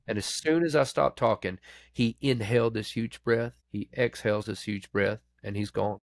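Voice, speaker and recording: His tone is steady, his pace normal, and his voice carries vocal fry as this pastor candidly describes grief and faith in a podcast interview. The talk is plain and conversational, with quoted voices acted out. When grief surfaces, he falls quiet and low.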